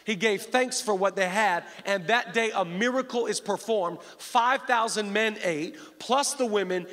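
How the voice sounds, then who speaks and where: High-voiced, lively man preaching. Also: a little slow, big-room sound. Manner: lively, humorous storytelling with call-and-response to the crowd. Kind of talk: sermon. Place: church.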